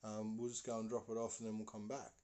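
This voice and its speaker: A man's voice: fairly low pitch, monotone, fast, warm tone, lightly acted. A man doing a drunk goofy young guy. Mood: excited.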